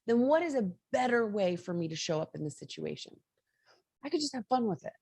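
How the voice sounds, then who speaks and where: A woman hosting a morning mindset show, giving a casual motivational monologue in a chatty, animated way with frequent laughter. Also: medium pitch, husky, no echo, clean studio sound.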